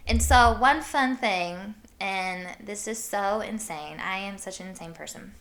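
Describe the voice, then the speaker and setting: Podcast host, woman from Iowa; bright, sharp voice; loose, chatty storytelling, filler-heavy. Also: mid-range voice, unhurried. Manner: rambling, full of "like", laughs often. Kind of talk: casual storytelling chat.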